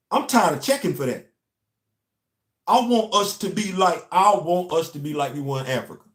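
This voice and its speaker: A young man from the United States hosting an impassioned monologue, emphatic and preachy, repeating his key lines. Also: fairly high pitch. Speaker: host. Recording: echoey room.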